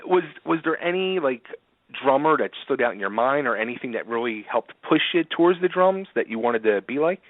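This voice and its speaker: A man's voice: medium pitch, animated, fairly quick, no echo. A man with a Philadelphia accent hosting a casual interview, asking rambling questions full of fillers. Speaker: interview host. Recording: dry, phone-like line.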